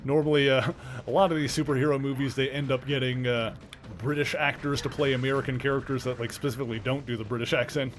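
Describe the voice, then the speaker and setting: A man's voice: medium pitch, little pitch movement, quick pace, a little hiss or hum. A man with a mild Canadian accent, chatting casually while streaming a game, rambling with lots of fillers and restarts. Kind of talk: casual chat while gaming.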